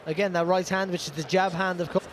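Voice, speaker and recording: Brief: male boxing analyst, high-pitched, rambling fillers, noisy venue. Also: flat delivery, fast talker. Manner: chatty, filler-heavy, restarts often. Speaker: boxing pundit. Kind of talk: expert fight analysis. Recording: commentary mix with loud arena noise.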